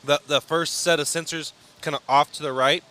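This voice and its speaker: A man co-hosting a race stream, talking fast in a bright, forward voice. His chat is casual and quick, and he passes along what viewers are saying. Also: a little high, steady tone. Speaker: co-host reading viewer chat. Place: at a racetrack.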